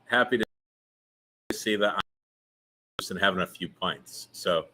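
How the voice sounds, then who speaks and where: A man's voice: low voice, unhurried, noisy background. A man hosting a casual live interview at a meadery bar, bantering and rambling. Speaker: host.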